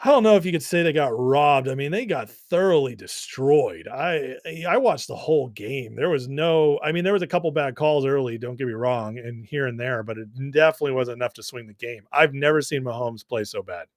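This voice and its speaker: A man with a deep voice hosting a livestream, chatting loosely and reading viewer comments. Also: animated, fairly quick, few pauses, no echo, studio quality. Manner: chatty, laughs often, many fillers and restarts. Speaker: livestream host.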